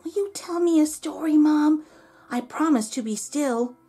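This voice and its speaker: A woman voicing a small, eager young male colt in a storybook read-aloud, talking high and wide-eyed. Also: measured pace, warm tone, faint music behind. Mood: curious.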